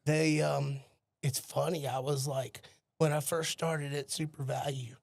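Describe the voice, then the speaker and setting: Southern guest, gravelly and slightly high, dry close mic, chatty storyteller. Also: male voice, flat delivery, measured pace, no echo. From American South. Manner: polite anecdotal storyteller. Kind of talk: casual conversation.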